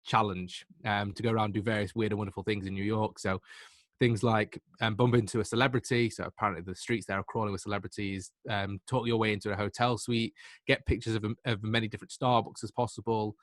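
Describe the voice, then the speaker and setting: A man in his twenties with a Mancunian accent, a podcast guest telling stories in a lively, self-deprecating way. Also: fairly low pitch, fast talker, no room sound, clean studio sound. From Manchester, England. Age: 20s. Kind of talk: casual anecdotal storytelling.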